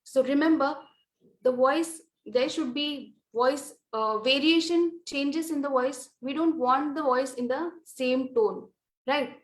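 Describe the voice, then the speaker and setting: High-voiced woman lecturing in an echoey room. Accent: Indian English. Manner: measured, explanatory with frequent fillers. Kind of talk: lecture on presentation skills.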